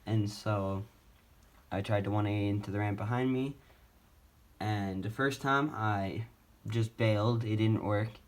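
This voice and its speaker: A teenage boy tells his own story into the camera from home, in a wheelchair. His voice sits low and he talks slowly. He rambles casually, with lots of fillers and false starts. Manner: rambling, halting, many fillers and restarts. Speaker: vlogger.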